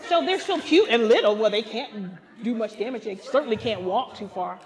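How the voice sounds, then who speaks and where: An older woman pastor telling a comic story at a women's gathering, animated and laughing, acting out the voices of the people in it. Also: a little high, normal speed, some chatter behind. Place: live gathering.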